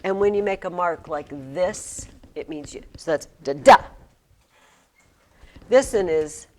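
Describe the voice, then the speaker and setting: A middle-aged woman teaching a classroom, chanting rhythms aloud in a chatty, animated way. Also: lowish voice, normal speed.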